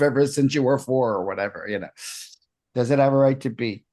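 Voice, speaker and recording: A man on an interview show, telling a personal story in a lively way and acting out the other people's lines. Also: mid-range voice, a little fast. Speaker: podcast guest, hypnotist.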